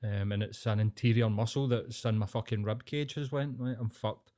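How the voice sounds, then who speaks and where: A man's voice: fairly low pitch, steady tone, normal speed, warm tone. A man, co-hosting a podcast in sweary, laughing banter. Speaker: podcast co-host. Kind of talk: casual podcast chat.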